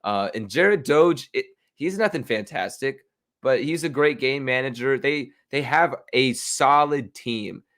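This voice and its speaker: A man hosting a sports betting podcast, talking casually and excitedly, opinionated and rambling with frequent restarts. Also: mid-range voice, a little slow. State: hiccups.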